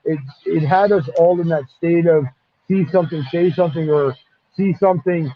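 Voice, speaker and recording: A man's voice: fairly high pitch, moderate pace, slight background noise. A man guest in a casual online chat, telling a long story with a lot of swearing and rambling. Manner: rambling, profane, animated retelling. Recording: dull lo-fi audio.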